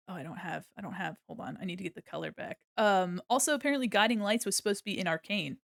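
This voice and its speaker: A young woman chatting casually on a livestream while she draws, swearing freely, laughing often and softly singing along. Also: mid-range voice, quick pace, creaky, few pauses, dry recording, clean studio sound. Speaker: streamer.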